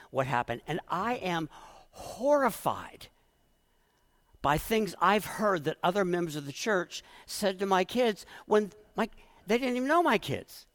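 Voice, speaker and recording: A man's voice: on the high side, long reverb tail. A middle-aged man preaching a sermon as pastor, earnest and emotional, often restarting his words.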